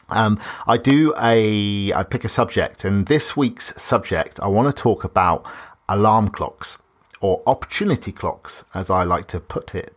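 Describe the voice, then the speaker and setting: A man hosting a solo podcast, upbeat and rambling, laughing often between his thoughts. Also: on the low side. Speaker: podcast host.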